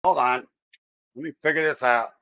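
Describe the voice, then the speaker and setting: A man's voice: medium pitch, fairly even intonation, normal speed, pushed and bright. An American man hosting a casual livestream, chatting in a rambling way and greeting viewers by name. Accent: General American. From United States. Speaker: livestream host.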